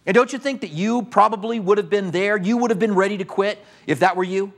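A man's voice: sits high, fairly quick, few pauses. A man preaching a sermon, retelling a story vividly and asking his listeners questions.

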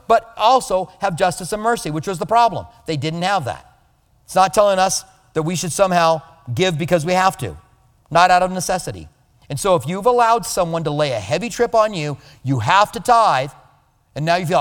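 A male pastor giving a conversational sermon, animated and now and then mimicking other people's voices. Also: high-pitched, brisk, big-room sound.

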